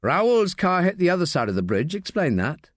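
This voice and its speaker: A man's voice: high voice, sing-song, normal speed, dry recording, clean studio sound, pitched above the performer's own voice. A man playing a probing, cool detective. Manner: probing, needling. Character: persistent, cool-headed male police detective.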